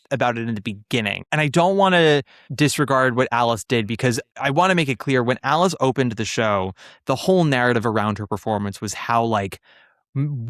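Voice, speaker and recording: A man's voice: medium pitch, dry recording, clean studio sound. A man hosting a podcast, chatting casually and with strong opinions about theater. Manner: opinionated, animated, trails off and restarts. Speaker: podcast host.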